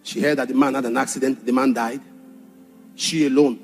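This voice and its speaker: A man preaching a sermon and telling a personal testimony, dramatic, shouting some points and dropping low on others. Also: steady tone, a little fast, faint music behind. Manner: dramatic, shouts for emphasis then drops low. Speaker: pastor.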